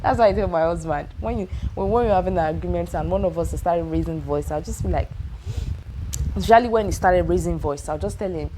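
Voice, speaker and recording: A woman's voice: lowish voice, fairly quick, noisy background. A young Nigerian woman with a Nigerian accent giving relationship advice in a casual vlog, repeating her points emphatically and asking if you understand.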